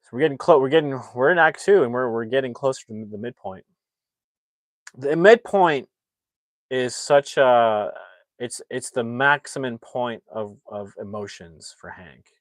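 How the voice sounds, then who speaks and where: This is a mid-range male voice at normal speed, recorded dry, belonging to a movie reviewer and livestream host. He gives a rambling, casual plot retelling with many restarts, animatedly acting out the characters' lines.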